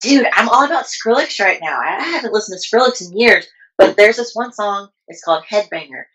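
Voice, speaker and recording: A woman with a slight Texan accent, a fitness coach telling lively, slangy stories as a podcast guest. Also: mid-range voice, brisk, low-quality recording. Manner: animated storyteller, slangy. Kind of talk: casual interview chat.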